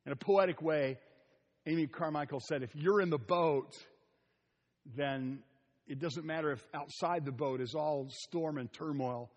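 A middle-aged man preaching a sermon, telling stories with asides and soft chuckles. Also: a little high, unhurried, dull audio. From Ohio. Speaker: pastor. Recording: long reverb of a large hall.

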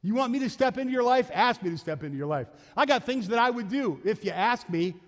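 A male pastor delivers a sermon in a church. He keeps it conversational and acts out quotes and asides. His voice sits high for a man, and a long reverb trails behind it in the sanctuary. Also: expressive, fast talker.

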